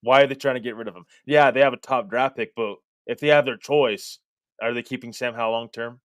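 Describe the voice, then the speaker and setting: A man co-hosting a sports podcast, thinking out loud and asking himself questions as he weighs a player. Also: medium pitch, fairly even intonation, fairly quick, clear, resonant tone, no room sound, clean studio sound. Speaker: podcast co-host. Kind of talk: casual sports analysis.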